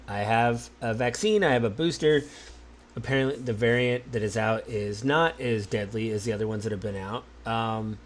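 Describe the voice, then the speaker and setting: Relaxed man musing on a solo podcast. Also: mid-range voice. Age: adult, married. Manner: relaxed, musing, with many fillers and restarts. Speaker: podcast host. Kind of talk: casual solo podcast talk.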